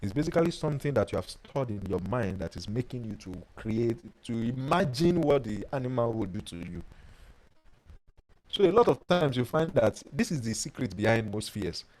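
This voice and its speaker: Animated man coaching a webinar. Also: mid-range voice, normal speed, rough recording. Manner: animated storyteller who reads out viewer comments. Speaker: life coach hosting a webinar. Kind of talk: webinar teaching with personal stories.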